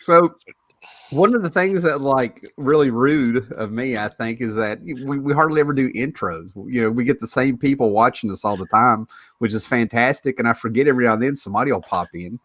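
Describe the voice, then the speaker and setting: A man's voice: medium pitch, fairly quick, a bit bright, dry recording. A man hosting a casual show, joking and laughing often as he introduces his co-hosts. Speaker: podcast host. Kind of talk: casual chat.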